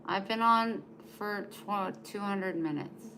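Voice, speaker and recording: A woman's voice: medium pitch, slow, sharp tone, slight background noise. A woman chatting casually on a live stream at home, talking to viewers and cooing to her dog in baby talk. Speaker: vlogger.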